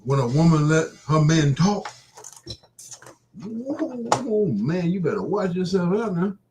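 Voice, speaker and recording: A man's voice: sits high, very animated, takes it slowly, background noise. A man hosting a casual live stream. He chats loosely with his viewers, laughs often and reads Bible passages aloud. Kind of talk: casual chat and Bible reading.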